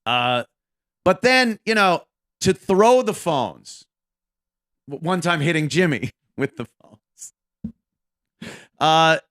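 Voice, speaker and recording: Guy in his 50s ranting about his old radio show, cursing a lot, swoopy voice, kinda high. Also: lively intonation, takes it slowly, long pauses, fairly bright tone. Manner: profane, rambling, self-deprecating. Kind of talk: casual monologue about his career.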